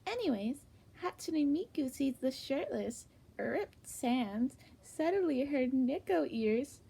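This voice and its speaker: A woman reads comedic fanfic aloud in a hushed, half-whispered voice. Her voice is high but gravelly, with a dark, mellow tone. She jumps suddenly in pitch between stretches of low murmuring. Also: lively intonation, slow pace. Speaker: fanfic reader.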